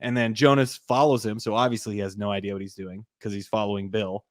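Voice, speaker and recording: A young man co-hosts a podcast, recapping a movie plot in a rambling, casual way, tossing in lots of "like" and acting out quotes. His voice is lowish and level, and he talks fast. The recording is dry, with a clean studio sound.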